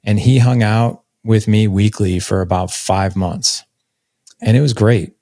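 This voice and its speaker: A man's voice: on the low side, unhurried, mellow, no room sound, studio quality. A man in his forties telling a personal story as a podcast guest, candid and conversational, with lots of filler words. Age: 40s.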